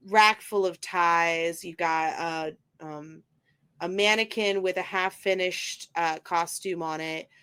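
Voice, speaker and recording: A woman narrating a tabletop game as game master, describing scenes in a halting way with many pauses and fillers. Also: fairly low pitch, fairly bright tone, smooth.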